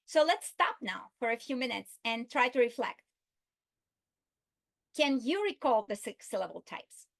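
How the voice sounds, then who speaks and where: A woman giving an instructional video lesson, speaking slowly and deliberately and stretching out her example words. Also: on the high side, sing-song, creaky. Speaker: literacy instructor.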